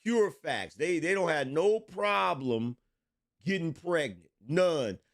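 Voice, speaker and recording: A man's voice: a little high, animated, takes it slowly. A middle-aged man runs his livestream commentary in a slightly raised voice. He speaks bluntly and emphatically, repeating lines for weight and cursing freely as he reads out chat messages.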